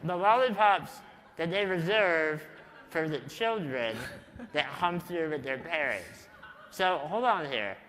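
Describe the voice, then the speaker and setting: Slow-talking man in a big hall. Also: a little high, animated, a bit bright. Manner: slow, deliberate, wry storytelling. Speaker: conference speaker. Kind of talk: storytelling talk to a live audience. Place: large conference hall. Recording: reverberant conference hall.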